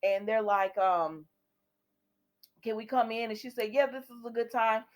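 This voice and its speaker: A woman's voice: fairly high pitch, measured pace. A woman recapping a soap opera episode for her viewers in a chatty way, retelling the scenes and quoting what the characters say. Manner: talks directly to viewers.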